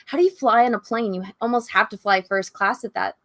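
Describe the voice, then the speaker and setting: A woman's voice: a little high, fast talker, fairly bright tone, no room sound. A woman with a Californian accent, a guest on a video call, talking casually and giggling, with lots of "like.". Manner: chatty, giggly, many fillers like "like". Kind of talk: casual chat. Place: home art studio. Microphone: video call mic.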